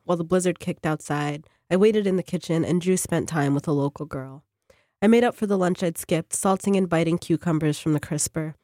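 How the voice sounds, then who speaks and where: A woman, a fiction writer, reading her own short story on a radio program in a measured, even way. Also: low-pitched, no room sound, clean studio sound.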